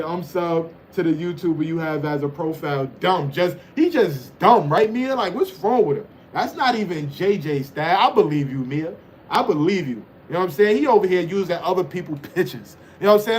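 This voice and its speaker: A man hosts a livestream and riffs on the chat in loose, teasing banter. His voice sits high for a man. A faint hiss of noise runs underneath. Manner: loose, teasing banter with frequent "you know what I'm saying". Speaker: livestream host reading chat.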